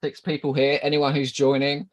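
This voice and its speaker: A man's voice: medium pitch, monotone, normal speed, dry recording. A man hosting a livestream, chatting casually and teasing his co-host with flirty banter before the show starts. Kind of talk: casual pre-show chat.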